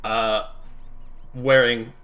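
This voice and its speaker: A man's voice: mid-range voice, flat delivery, very slow, a bit bright. A man narrating a tabletop role-play as game master, rambling and describing vividly with many fillers.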